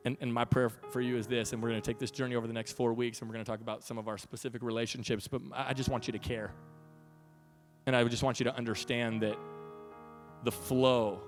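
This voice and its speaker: A man's voice: medium pitch, fast, soft background music. A pastor in his thirties preaching a sermon, telling family stories with a voice that carries and acting out quotes. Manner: storytelling with laughs, animated quotes. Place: church sanctuary.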